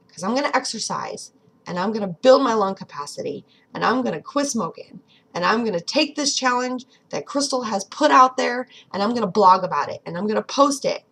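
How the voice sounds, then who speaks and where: A woman's voice: a little high, animated, a little fast, gravelly, fairly bright tone. A woman in her thirties talking earnestly and directly to viewers in a motivational personal vlog. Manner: earnest, pep-talk, addresses viewers directly. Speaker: vlogger.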